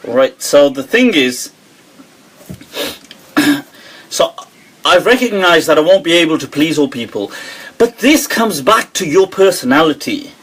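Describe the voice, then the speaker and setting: A man hosting a live Q&A, talking in an animated way, quoting others and laughing often. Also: on the high side, unhurried, pauses often, husky, rough recording. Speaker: host. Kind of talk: live Q&A talk. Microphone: webcam or phone on a live stream.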